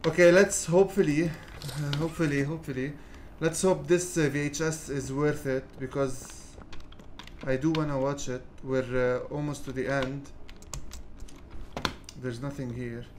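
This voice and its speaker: Slow, mumbly let's play host. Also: medium pitch, fairly even intonation, slight background noise. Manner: mumbly and laid-back, swearing and yelling at monsters. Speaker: gaming channel host.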